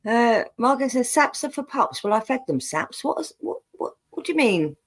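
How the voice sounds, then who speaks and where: Chatty London-accent woman host, laughs a lot, very lively pitch. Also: moderate pace. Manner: chatty, laughs often, plays up a broad common accent. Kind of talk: casual chat, reading viewer comments.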